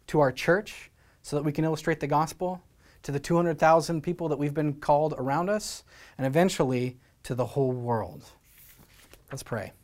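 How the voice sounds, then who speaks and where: A man's voice: a little high, moderate pace, a little mellow. A man from Scotland preaching a sermon as pastor, earnest and exhorting, with many rhetorical questions.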